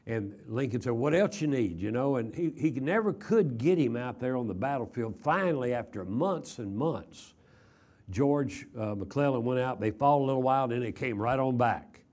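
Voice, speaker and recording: Older guy from texas preaching in chapel, folksy, lots of uh's and repeats, middle pitch. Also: lively intonation, normal speed, darkish tone. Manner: folksy, repeats words, many uh fillers. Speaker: traveling preacher. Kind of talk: chapel sermon with storytelling.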